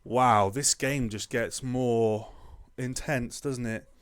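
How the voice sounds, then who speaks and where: A man talks casually through a let's-play, joking and reacting as he clicks along. His voice sits at an everyday middle pitch. The delivery is loose and conversational. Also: fairly even intonation, slow pace, clear, resonant tone. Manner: chatty and joking, reacting aloud as he plays. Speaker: gamer playing a management game.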